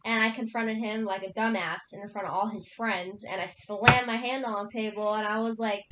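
A woman's voice: brisk, hardly any pauses. A young woman telling a story in casual chat, swearing often and acting out what people said. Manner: profane, animated storyteller acting out quotes. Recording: echoey room, faint rumble.

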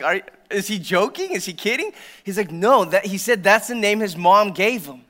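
A male pastor delivers a sermon in a church sanctuary, his voice pitched high for a man and bright in tone. He tells his story in a conversational way, dropping to hushed asides and then rising to loud, emphatic declarations. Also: animated, moderate pace.

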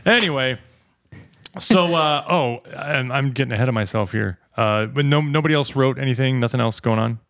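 Male podcast co-host, mid-pitched, rambling anecdotes, dry close room. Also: normal speed, fairly bright tone, no room sound. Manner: rambling storyteller, self-correcting. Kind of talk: casual chat.

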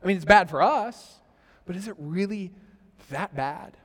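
Male pastor, 30s, high voice, storytelling sermon, big echoing hall. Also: expressive, a little slow. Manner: storytelling with quoted asides, rising and falling loudness. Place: church sanctuary. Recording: reverberant church hall.

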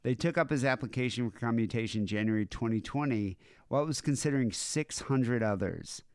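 A man's voice: mid-range voice, fairly quick, a little mellow, clear, resonant tone, no room sound, studio quality. A man co-hosting a comedy podcast, reading news stories aloud in a laid-back, wry way. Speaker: podcast co-host. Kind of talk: casual comedic chat.

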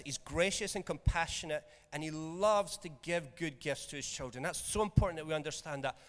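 Pastor preaching in a reverberant hall. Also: male voice, on the high side. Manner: conversational, jokey, checks in with "okay?". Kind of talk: sermon. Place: church hall.

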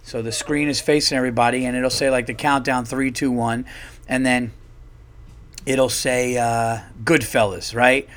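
A man's voice: medium pitch, level tone, normal speed. Chatty man rambling through a story. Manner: rambling, chatty, loud bursts when quoting people. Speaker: podcast host. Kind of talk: casual storytelling monologue.

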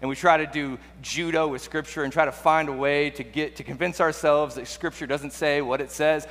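Guy giving a sermon, chatty, asks the crowd questions, kinda high voice, long echo. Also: fairly even intonation, normal speed, hardly any pauses, fairly bright tone. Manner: conversational, rhetorical questions, restarts. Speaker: preacher. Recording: long hall reverb.

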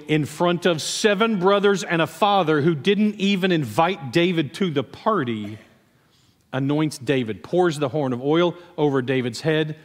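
Pastor, male, fairly high voice; conversational, animated sermon delivery; long church reverb. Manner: conversational, animated storytelling with acted asides. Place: church sanctuary.

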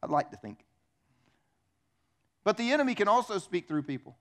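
A man with a fairly high voice delivers a sermon in a church. He keeps it conversational, asks the congregation questions and breaks into little acted voices for the people he quotes. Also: sing-song, normal speed. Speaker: pastor.

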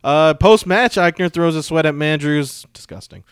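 A man's voice: fairly high pitch, moderate pace, smooth, dry recording. Easygoing man recapping matches. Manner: relaxed, recaps match moves, dry asides. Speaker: podcast host. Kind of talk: casual recap chat.

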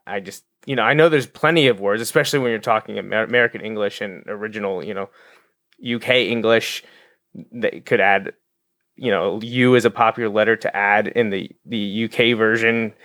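Low-voiced man chatting on a podcast. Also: a bit bright, dry recording. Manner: rambling, self-correcting, stammers on restarts. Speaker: podcast co-host. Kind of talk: casual chat.

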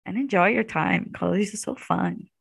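A woman's voice: medium pitch, moderate pace, vocal fry, husky, rough recording. A woman in her twenties, a graduate student being interviewed, talking casually and chattily with frequent fillers and laughs. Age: 20s.

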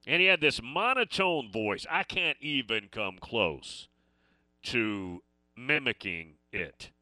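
A sports talk radio host rambles through stories and listener texts. His voice is very bright and his pitch moves a lot. The sound is close and dry. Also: expressive, slow, no echo. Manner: rambling, reading listener messages.

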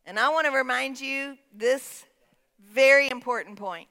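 A woman's voice: sits high, a little slow, bright, forceful tone. A woman pastor preaching a sermon in a church, emphatic, calling out to the congregation for responses. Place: church sanctuary.

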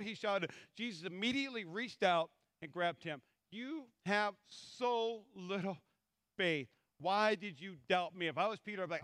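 A male pastor delivers an animated sermon and slips into the voices of the people in the stories he reads. His voice sits high and sounds bright and forceful. The recording is close and dry. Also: fairly quick, no room sound. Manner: animated, acts out scripture voices.

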